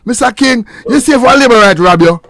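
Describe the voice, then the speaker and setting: Lively Jamaican radio host, joking. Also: male voice, extremely high pitch, fast. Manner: playful, animated, laughing and joking with callers. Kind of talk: call-in radio chat.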